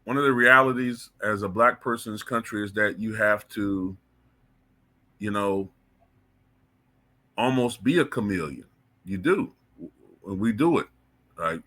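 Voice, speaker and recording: A man's voice: fairly low pitch, a little slow, long pauses, sharp tone. A man giving blunt, heated opinion commentary as the channel's host, cursing freely. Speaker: political commentator.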